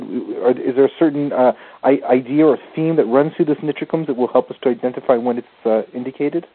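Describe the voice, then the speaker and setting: A man with an American accent hosting a radio interview, rephrasing and checking what his guest means. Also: mid-range voice. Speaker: radio show host. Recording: phone-like radio line.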